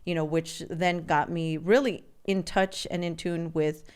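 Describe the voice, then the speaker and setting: A woman's voice: on the low side, steady tone, clean tone. A woman in her forties from California, a podcast guest telling her life story in a candid, earnest way. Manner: earnest and open, with halting restarts.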